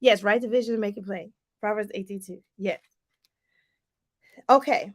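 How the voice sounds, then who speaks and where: A woman life coach giving a lively motivational talk to viewers, calling them y'all. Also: medium pitch, moderate pace. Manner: animated, preachy, addresses viewers as y'all.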